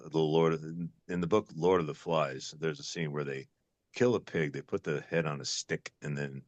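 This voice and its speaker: A man's voice: very deep voice, dry recording. An older man, an actor guest, musing in a casual interview, rambling with many fillers and restarts.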